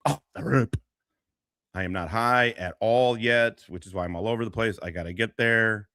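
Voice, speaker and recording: Rambling, foul-mouthed male streamer reacting to clips, bright, edgy voice recorded close and dry, laughs a lot as he talks. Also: lowish voice, a little fast, clean tone, no room sound. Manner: rambling, crude, laughing often. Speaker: commentary streamer. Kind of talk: profane reaction commentary.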